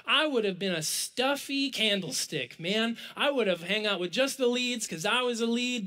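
A young man giving a sermon, telling a personal story with big swings from excited shouts to hushed, quiet asides. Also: high-pitched.

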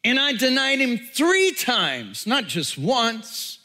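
A man voicing a boastful male disciple in a sermon retelling, speaking emphatically and climbing high. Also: sing-song, takes it slowly, bright, forceful tone, in a large hall, full character voice. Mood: anguished. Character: boastful loyal male disciple, later ashamed.

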